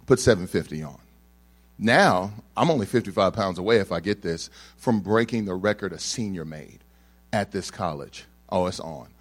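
A man's voice: deep voice, moderate pace. A young man telling a personal story to an audience, acting out the people in it and joking with the crowd. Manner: animated storyteller who acts out the people in his story and jokes with the crowd.

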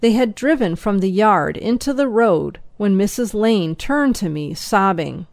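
Woman reading a novel chapter aloud, slow and steady, super dry close sound. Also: mid-range voice, creaky, no echo. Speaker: audiobook narrator. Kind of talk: first-person storybook reading.

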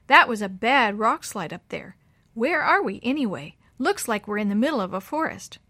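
Woman doing a calm old grandpa. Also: a little high, normal speed, dry recording, full character voice. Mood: reassuring. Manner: steady, reassuring. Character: gentle calm elderly grandfather, faithful. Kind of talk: storybook read-aloud.

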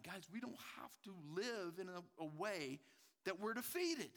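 Guy preaching a sermon, high bright voice, gets loud then goes quiet for effect. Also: expressive, unhurried, big-room sound. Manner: impassioned, swings between loud urgency and hushed emphasis. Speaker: pastor.

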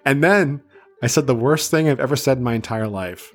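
A man's voice: mid-range voice, a little fast, soft background music. A man in his thirties, from south of Boston, hosting a podcast and telling a story in a chatty, self-deprecating way with many fillers. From south of Boston, USA. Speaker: podcast host.

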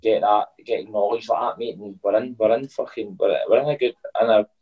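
A husky-voiced man with a West of Scotland accent, chatting casually as a podcast co-host. He talks in a matey, blokey way and peppers every line with mate. He is heard over a phone call from his home. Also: on the low side, fairly quick. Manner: blokey, says "mate" constantly. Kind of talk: casual chat. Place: at home with his young child.

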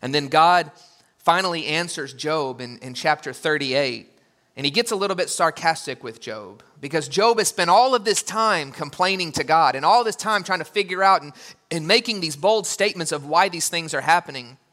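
A man delivers a sermon with a bright, forceful tone. His voice sits a little high. He preaches in an animated way, with joking asides and quoted voices he acts out. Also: moderate pace. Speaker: pastor.

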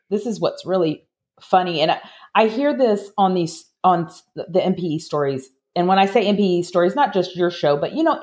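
A woman guest telling a personal story in a chatty way, with many restarts, acting out what people said in a higher voice. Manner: animated, acts out quoted voices in a higher pitch. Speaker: podcast guest.

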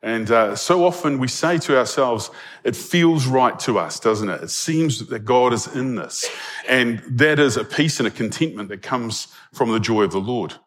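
A man's voice: mid-range voice, fairly bright tone. A man preaching a sermon in a conversational way, often checking in with his listeners and chuckling between points. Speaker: pastor.

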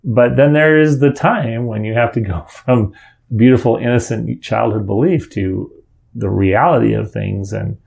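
A man's voice: medium pitch, unhurried, creaky, darkish tone, breathy edge. A middle-aged father telling a personal story in a casual, earnest way, rambling and often restarting his sentences.

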